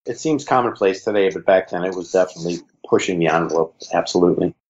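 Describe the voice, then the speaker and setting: A man in his sixties with a heavy Chicago accent, relaxed and reflective, telling stories as an interview guest. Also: deep voice, fast talker, highs cut off. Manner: relaxed, reflective, uses fillers like "you know". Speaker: guest, former league creative director. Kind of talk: conversational interview storytelling.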